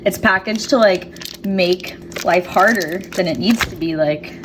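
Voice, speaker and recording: A woman's voice: on the low side, takes it slowly, noisy background. A woman cooking in her home kitchen and chatting casually to viewers, giggly and swearing offhandedly. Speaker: cooking vlogger.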